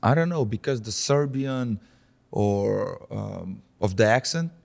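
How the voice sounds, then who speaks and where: A man's voice: lowish voice, vocal fry. A man with a Slovenian accent, a podcast guest chatting casually with frequent restarts. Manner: relaxed, halting speech with many restarts.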